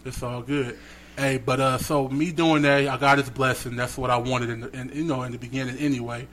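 A man's voice: medium pitch, a little fast, a little hiss or hum. A man on a podcast, casually telling a story and acting out the voices of the people in it. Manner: animated storyteller, acts out voices. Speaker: podcast co-host.

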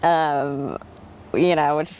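A woman in her thirties from Oregon, telling stories in an oral history interview, animated, with frequent laughs and fillers. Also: low-pitched, very slow, a little hiss or hum. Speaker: interviewee, winemaker.

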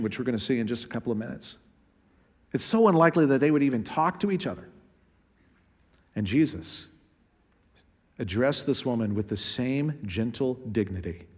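A long echo from the church sanctuary surrounds this male pastor's conversational sermon, his tone darkish and slightly rough. When he acts out quotes, he raises or lowers his pitch and quickens or slows his delivery.

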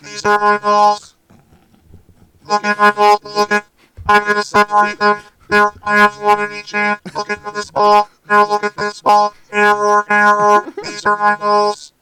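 A man's voice: sits high, completely flat delivery, measured pace, pauses often, bright, forceful tone, soft background music, voice pushed up, full character voice, rough recording. A man voicing a crude, malfunctioning sex robot that insists it is a woman, through a talk box robot effect, drawling and repeating itself. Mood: glitching. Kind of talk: comedy improv bit. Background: synthesizer and keyboard tones.

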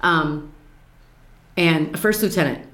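An older woman, a former Marine, telling stories from her service in an animated, laughing conversational way. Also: low voice, takes it slowly, roomy sound. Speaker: veteran telling her story. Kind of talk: casual storytelling chat.

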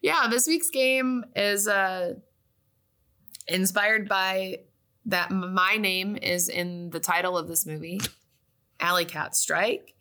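A young woman co-hosting a casual chat show, reading out a list slowly and laughing often. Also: mid-range voice, fairly even intonation, pushed and bright. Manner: giggly, reads a list slowly with frequent laughs. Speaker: podcast co-host. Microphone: webcam with whiteboard behind.

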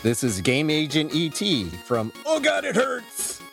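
A man's voice: on the high side, huge pitch swings, a little slow, gravelly, a bit bright. A man reading a podcast network promo in an upbeat announcer manner. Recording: music bed behind voice.

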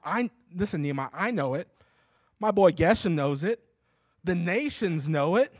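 A male pastor delivers a conversational sermon, hammering his key points with emphatic repetition. His voice sits a little high, and he drops in casual asides. The sound is close and dry. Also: dry recording.

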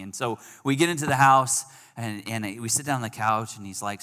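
A man preaching a sermon, telling a personal story that moves between hushed and emphatic passages. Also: mid-range voice, fairly even intonation, fairly quick, hardly any pauses. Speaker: pastor. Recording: long hall reverb.

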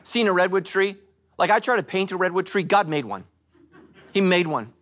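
A male pastor giving a sermon at a church service, joking and telling animated stories. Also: high-pitched, moderate pace. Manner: animated, joking, storytelling preacher.

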